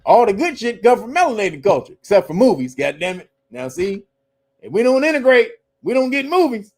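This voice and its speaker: A male show host in casual livestream commentary, animated and profane, laughing often between his points. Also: high voice, fairly quick.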